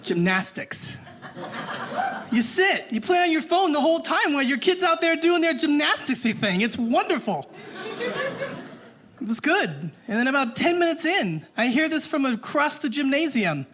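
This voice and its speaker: A woman performing a stand-up comedy set on stage, animated and acting out the people in her stories. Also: high-pitched, moderate pace. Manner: animated, acts out voices. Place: stage before a live audience. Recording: noisy live comedy room.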